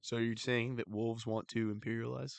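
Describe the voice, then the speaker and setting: A man's voice: medium pitch, flat delivery, moderate pace, vocal fry, dry recording. A young man co-hosting a podcast, chatting loosely, laughing and swearing freely. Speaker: podcast co-host. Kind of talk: casual chat.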